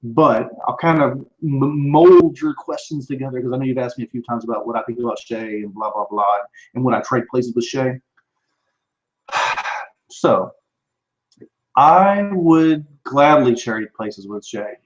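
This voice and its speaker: A man's voice: medium pitch, unhurried, highs cut off. A man, probably in his thirties, hosting a live show and answering viewer questions in a casual, rambling way with many restarts. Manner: rambling, with frequent restarts and fillers. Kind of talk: casual live-stream chat. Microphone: computer microphone.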